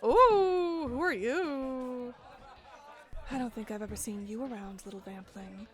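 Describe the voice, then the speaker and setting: A woman's voice: a little high, measured pace, crowd noise, close to an everyday voice. A woman voicing a tall, stern female club enforcer who gives curt, firm warnings, with game music behind. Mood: teasing.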